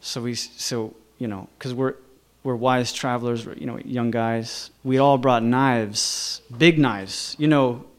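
A man telling a personal anecdote in a lively, chuckling way, with lots of fillers. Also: medium pitch, a little slow, clear, resonant tone. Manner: animated, chuckling, many fillers like "you know".

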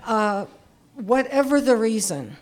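A woman's voice: a little high, sing-song, takes it slowly, a little mellow. A woman in her seventies telling a personal story in a candid, self-deprecating way, often chuckling. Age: 70s.

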